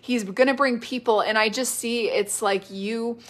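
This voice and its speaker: Speaking into her device mic on a live stream, a woman offers spontaneous prophetic ministry in a gentle, halting way. Her voice sits on the high side with fairly even intonation, and she repeats phrases and fills pauses with "like" and "you know."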